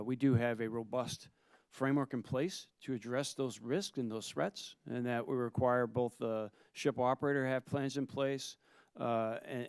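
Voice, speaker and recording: A man's voice: medium pitch, clear, resonant tone, no echo. A man testifying as a Coast Guard witness at a hearing room table, formal and deferential and addressing the questioner as "sir".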